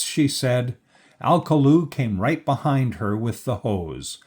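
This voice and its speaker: Slow, lively male storybook reader. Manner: slow, lively reading with raised pitch for quoted characters. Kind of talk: children's read-aloud.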